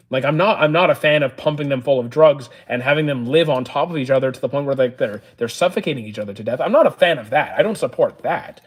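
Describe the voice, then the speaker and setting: A man's voice: medium pitch, quick pace, few pauses, slightly rough. Man, live streamer, casual chat Q&A, reads questions aloud, plain answers, lots of uh.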